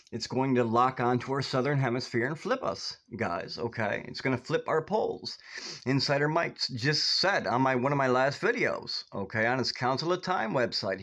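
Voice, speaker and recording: A man speaking in a middle-pitched voice, preaching urgently on his own video and leaning on "guys" and "okay". He repeats himself and rises loud and high when he gets heated. He comes across as an American vlogger. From United States. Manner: urgent, repetitive, often saying "guys" and "okay". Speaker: video host. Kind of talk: preachy casual vlog talk. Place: outdoors in northwest Ohio.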